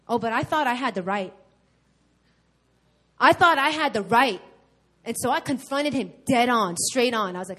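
A woman from New York preaching a sermon at a church service, telling her own story in a candid, animated way with emphatic repetition. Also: on the high side, normal speed. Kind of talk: sermon with personal testimony.

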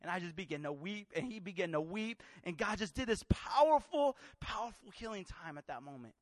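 High-voiced preacher, hushed to shouting. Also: male voice, expressive, fairly quick, no room sound. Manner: swings from hushed to loud, acts out voices. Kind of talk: sermon with personal story.

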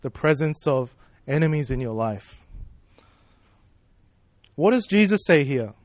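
A man's voice: a little high, big pitch swings, unhurried, darkish tone, dry recording. Conversational man preaching a sermon. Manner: conversational, rhetorical questions, frequent "right?" and "you know".

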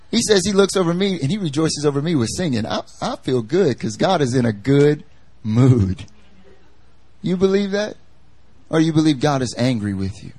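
A man's voice: a little high, darkish tone, slightly rough, no echo. A male pastor giving a conversational sermon in a chatty, emphatic manner, repeating his key phrases for effect. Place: church service.

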